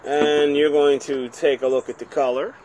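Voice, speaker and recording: A man's voice: a little high, little pitch movement, normal speed, darkish tone, slight background noise. A man from New Jersey, hosting his own whisky review channel, talking in a chatty, rambling, self-deprecating way. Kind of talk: casual home video review.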